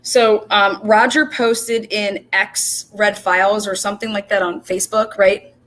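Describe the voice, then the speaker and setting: A woman hosting a casual livestream, telling an animated, profane story and quoting the dialogue back and forth. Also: mid-range voice, a little slow. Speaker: show host.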